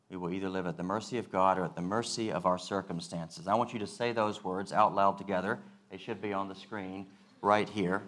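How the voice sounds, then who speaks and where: A male pastor giving a sermon, earnest and measured, repeating key phrases for weight. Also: low-pitched, steady tone, fairly bright tone.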